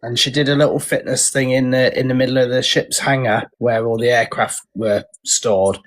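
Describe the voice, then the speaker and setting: A man's voice: mid-range voice, level tone, normal speed. A man, chatting casually and sharing anecdotes on a live stream. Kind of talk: casual chat.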